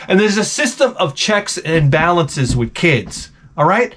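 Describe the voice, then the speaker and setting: A man's voice: a little high, sing-song, a little slow, few pauses, a bit bright. A man ranting sarcastically while giving comedic advice, swearing a lot and sounding exasperated. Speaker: advice vlogger.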